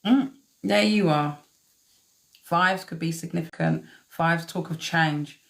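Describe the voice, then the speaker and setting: Woman, live tarot reader; chatty, blunt, swears at the cards, lowish voice. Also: slow, creaky. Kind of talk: live-stream tarot reading.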